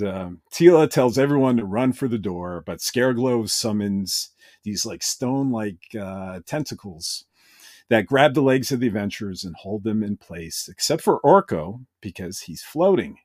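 A man's voice: on the low side, animated, measured pace, darkish tone, dry recording, clean studio sound. A man hosting a podcast, recapping an episode with enthusiasm and quoting characters now and then. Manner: enthusiastic, retells scenes with brief quoted voices. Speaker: podcast host.

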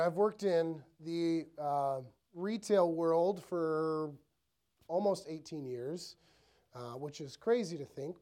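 A man's voice: sits high, dark tone. A male pastor preaching a sermon in a church, talking conversationally and asking the room rhetorical questions. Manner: acts out inner thoughts in quoted voices.

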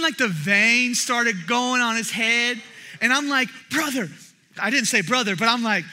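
A young man preaching a sermon, telling a story with animated energy and bursts of shouting as he acts out others. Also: very high-pitched, fairly quick. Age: young adult. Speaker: pastor.

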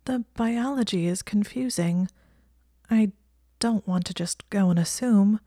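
A woman's voice: medium pitch, mellow, no room sound, clean studio sound, voice pushed up, lightly acted. Hermione, a flustered young witch voiced by a woman. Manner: hesitant, embarrassed, halting.

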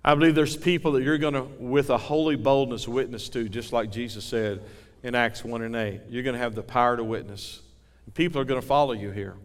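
A man's voice: mid-range voice, steady tone, fairly quick. A man preaching a fervent sermon as pastor, telling folksy stories from his church. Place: church sanctuary. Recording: reverberant church hall.

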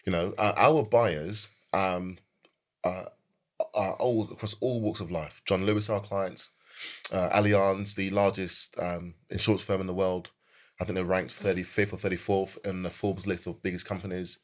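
A man, a company founder telling stories in an interview, animated and quick to laugh. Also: low-pitched. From England. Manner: animated anecdotes, plays quoted voices, laughs easily. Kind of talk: conversational interview storytelling.

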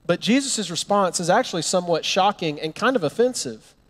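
A man preaching a sermon, telling a Bible story with animated storytelling and acting out the characters' lines. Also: sits high, brisk, big-room sound. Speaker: pastor.

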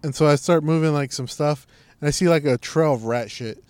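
A man's voice: fairly high pitch, a little fast, dry recording. A man telling a long story in casual chat, acting out what others said and swearing freely. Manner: animated, acts out quotes, swears freely.

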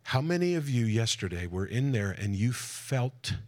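A man giving an energetic preaching talk to a conference audience, with jokey asides and questions thrown to the crowd. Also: medium pitch, normal speed. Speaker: conference speaker. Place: conference hall before a live audience.

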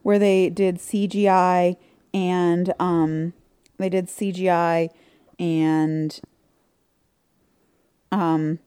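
Co-host woman, lowish mellow voice, playful storyteller, dry sound. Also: flat delivery, drawn-out words, long pauses, clean tone, no echo. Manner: chatty, playful, stumbles when storytelling. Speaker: podcast co-host. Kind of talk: casual chat.

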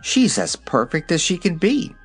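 A man's voice: fairly high pitch, huge pitch swings, moderate pace, slightly rough, soft background music, voice pushed up, exaggerated voice. A man reading aloud, voicing an eager, brave young girl in an earnest way.

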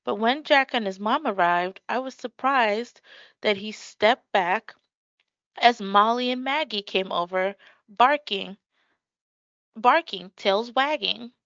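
Slow, calm woman narrating a story. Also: on the high side, no room sound. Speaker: audiobook narrator. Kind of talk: first-person audiobook narration. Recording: dry, slightly muffled.

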